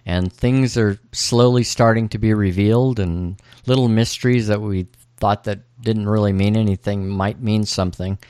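A man's voice: lowish voice, steady tone, moderate pace, few pauses, darkish tone, smooth, dry recording. A man co-hosting a podcast, casually discussing a TV episode with dry, wry asides. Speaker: podcast co-host.

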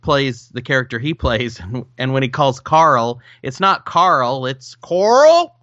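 Bright-toned man on a muffled lo-fi line. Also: medium pitch, unhurried, no echo. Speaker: podcast co-host. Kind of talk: casual chat. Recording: dry, slightly muffled lo-fi sound.

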